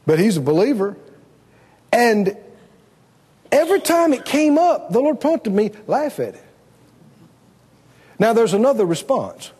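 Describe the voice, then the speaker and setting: A man's voice: extremely high pitch, very animated, moderate pace, pauses often, darkish tone, breathy edge. A man preaching a sermon, telling stories with lots of laughter and acting out his own voice. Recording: long reverb of a large hall.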